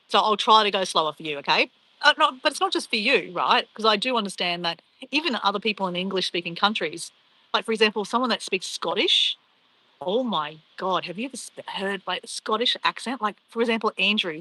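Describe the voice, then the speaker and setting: A woman's voice: medium pitch, sharp tone, rough recording. A young woman chatting casually on a travel live stream, rambling and laughing as she reads viewer comments.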